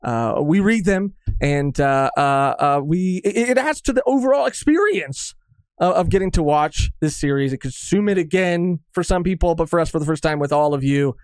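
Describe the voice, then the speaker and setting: Relaxed man hosting a podcast. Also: a little high, normal speed, clear, resonant tone, no room sound. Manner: relaxed, stammers and restarts while thinking. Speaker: podcast host. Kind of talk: casual reaction chat and sign-off.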